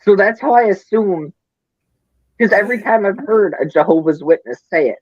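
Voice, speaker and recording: A man's voice: high-pitched, expressive, normal speed, dry recording, muffled recording. A man with a Midwestern accent, co-hosting a casual podcast chat, rambling and swearing as he gets flustered. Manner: rambling, profane, flustered ranting. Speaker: podcast co-host.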